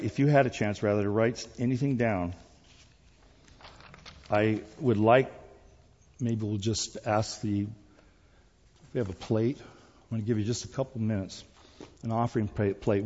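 A man preaching a sermon with a dark, husky voice, swinging from emphatic lines to soft asides. His voice rings with long reverb, as in a large hall. The sound is a little dull. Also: mid-range voice. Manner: rising to emphatic, then dropping to quiet asides. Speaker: pastor.

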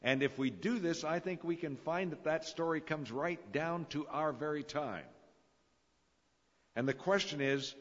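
A man's voice: on the high side, a little slow. A man preaching a sermon, telling stories with dramatic, swelling emphasis. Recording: dull lo-fi recording in a reverberant hall.

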